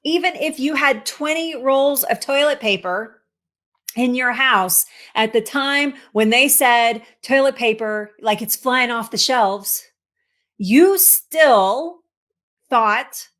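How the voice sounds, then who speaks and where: Expressive woman coaching. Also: fairly high pitch, slow pace. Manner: expressive, repeats words for emphasis, laughs at herself. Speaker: cancer coach. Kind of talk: motivational talk to camera.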